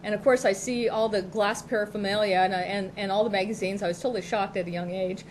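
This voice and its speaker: A woman's voice: mid-range voice, fairly even intonation, fast, slight background noise, rough recording. A middle-aged woman co-hosting a local TV talk show, telling rambling childhood stories in casual chat and often laughing. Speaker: co-host. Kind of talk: casual chat, personal storytelling. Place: local TV studio.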